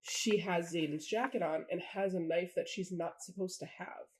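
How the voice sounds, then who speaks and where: A woman's voice: on the low side, moderate pace, low-quality recording. A woman co-hosting a casual book discussion, chatting and spinning theories with lots of "like" fillers. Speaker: book podcast co-host.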